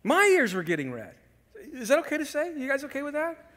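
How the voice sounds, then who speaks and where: High-voiced male pastor preaching in a reverberant hall. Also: brisk, long pauses. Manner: dramatic swings from loud emphasis to hushed whispers; lively storytelling with rhetorical questions. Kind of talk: sermon. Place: church sanctuary.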